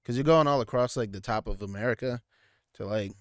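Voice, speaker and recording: A man co-hosting a laid-back podcast, talking in loose, meandering sentences full of restarts and fillers. His voice is smooth and clear at a middling pitch. The sound is dry and close, with no room around it. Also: brisk, no echo. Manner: rambling, many restarts and fillers, slips into goofy put-on voices. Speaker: podcast co-host. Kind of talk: casual chat.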